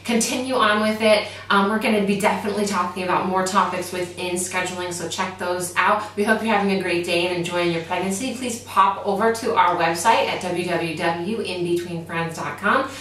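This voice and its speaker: A woman's voice: on the low side, steady tone, a little fast, hardly any pauses, fairly bright tone. A woman co-hosting a casual parenting chat, encouraging the audience and wrapping up the show. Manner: encouraging, affirming listener. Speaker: co-host. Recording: echoey room, mic at a distance, faint noise.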